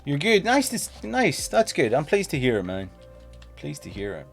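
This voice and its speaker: A man's voice: a little high, wildly swooping pitch, normal speed, gravelly, soft background music. A man casually chatting while streaming a game, playful and talkative, teasing the creatures on screen. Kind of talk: casual gameplay stream chat.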